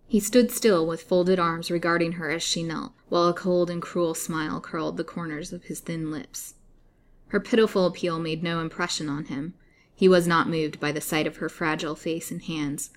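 A woman reading a Victorian serial aloud as storyteller, measured and melancholy. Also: fairly low pitch. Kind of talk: audiobook narration.

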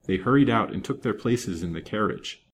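A man reading a serialized novel aloud in a measured, expressive way. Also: lowish voice, slight background noise. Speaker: storytime reader.

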